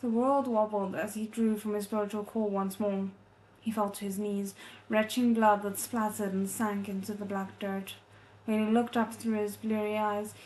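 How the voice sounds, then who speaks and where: A woman reading a novel aloud as a readalong host, soft and measured, breaking off to react with feeling. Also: medium pitch. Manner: emotionally invested, breaks off to react.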